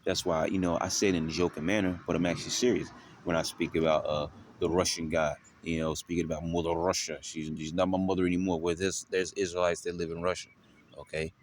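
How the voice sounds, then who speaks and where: A man teaching scripture, reading verses slowly and adding quick asides with repeated check-ins to listeners. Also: low voice, little pitch movement, slight background noise. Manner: reads verses slowly, drops into quiet asides, tags lines with "all right?". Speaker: bible teacher. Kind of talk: scripture lesson.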